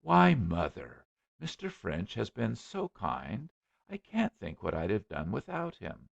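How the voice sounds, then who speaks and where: A man's voice: low-pitched, big pitch swings, unhurried, vocal fry, darkish tone, husky, exaggerated voice. A man voicing a prim, anxious young woman who gushes and frets, on a dull lo-fi recording. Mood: fretful. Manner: fretful, gushing.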